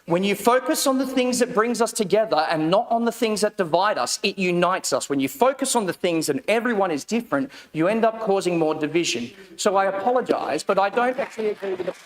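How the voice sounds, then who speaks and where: A middle-aged councillor with an Australian accent speaks in a notably high voice. He answers with mounting passion, emphatic and close to shouting. His words ring out with the long reverb of a large council chamber. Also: expressive, brisk. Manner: impassioned, emphatic, rising to shouting. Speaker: county councillor. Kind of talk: council chamber debate reply.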